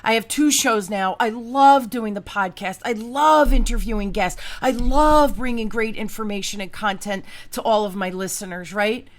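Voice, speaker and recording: A woman's voice: mid-range voice, moderate pace, few pauses. A woman hosting a podcast, chatting casually in an upbeat, storytelling way. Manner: upbeat storyteller, acts out quotes. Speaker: podcast host.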